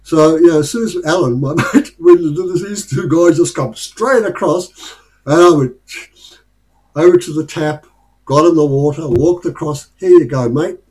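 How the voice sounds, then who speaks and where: Sharing life lessons through casual stories, an Australian man rambles and chuckles often. His voice is fairly high with a darkish tone, at a moderate pace, on a rough recording.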